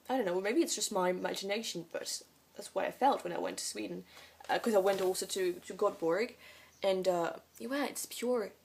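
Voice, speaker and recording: This is a young woman speaking English in a casual Q&A vlog, though French is her first language. Her voice sits at a medium pitch with a darkish tone, and she rambles hesitantly with plenty of fillers.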